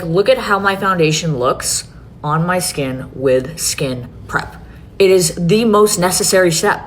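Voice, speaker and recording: A woman's voice: on the low side, a little hiss or hum. A woman who founded a beauty brand talks earnestly about its launch and swears freely. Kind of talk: emotional announcement video.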